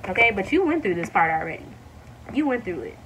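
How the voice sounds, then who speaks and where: A woman giving a casual tarot reading to her viewers, talking warmly to them as y'all and breaking into excited exclamations. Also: mid-range voice, far from the mic, slight background noise, poor audio. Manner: excited, animated bursts with drawn-out exclamations; addresses viewers as y'all, many fillers. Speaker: tarot reader.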